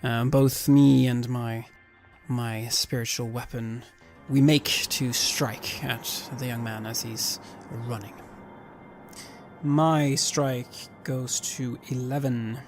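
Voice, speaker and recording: A man playing a tabletop game, describing his character's actions in an earnest, measured way. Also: medium pitch, steady tone, faint music behind. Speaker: player.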